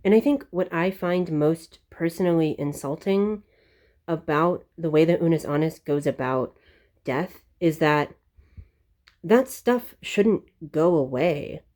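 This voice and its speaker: A woman's voice: deep voice, mellow. A woman giving a reflective commentary monologue, musing and frustrated, full of rhetorical questions and restarts. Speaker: video essayist.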